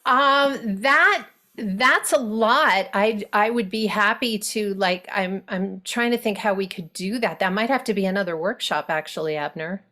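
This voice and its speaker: A woman's voice: medium pitch, moderate pace, hardly any pauses. Enthusiastic woman teaching a video workshop. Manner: animated, enthusiastic, laughs easily. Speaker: dialect coach leading an online workshop. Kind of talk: live online workshop teaching. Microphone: video call.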